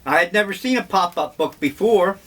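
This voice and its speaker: An older man vlogging, telling memories in a slow, wry, meandering way. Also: sits high, expressive, bright, forceful tone. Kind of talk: casual reminiscing monologue.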